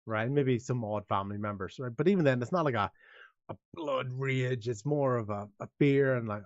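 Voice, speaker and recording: A male game master narrating a tabletop roleplaying session in a rambling, restart-filled way, at a middling pitch. The recording is dry and slightly dull, with no room sound. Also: brisk, no echo. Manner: rambling, full of restarts, voicing many characters.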